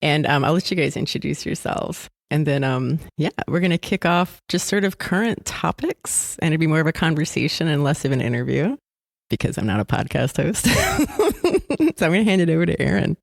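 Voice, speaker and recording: A woman's voice: deep voice, very animated, normal speed, vocal fry. A woman guest-hosting a podcast in casual chat at a conference happy hour, giggly and self-deprecating. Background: drinks and chatter.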